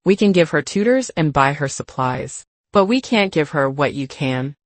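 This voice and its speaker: A woman voicing an exhausted, remorseful grown daughter in a spoken story, halting and hesitant. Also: sits low, lively intonation, no echo. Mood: pleading.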